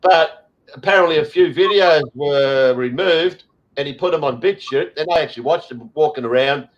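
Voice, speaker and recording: A man's voice: on the high side, moderate pace, dull audio. An Australian man hosting a casual chat, ranting bluntly with lots of swearing and fillers. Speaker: host.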